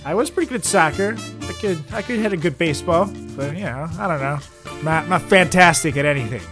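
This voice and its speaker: A man co-hosting a comedic podcast, deadpan and ironic, often trailing off into mumbles. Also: on the high side, a little fast, over music. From Latin America. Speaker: podcast co-host.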